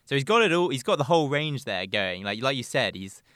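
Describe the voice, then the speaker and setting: A man co-hosting a casual podcast chat, relaxed and quick to joke. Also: mid-range voice, no room sound, studio quality. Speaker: podcast co-host.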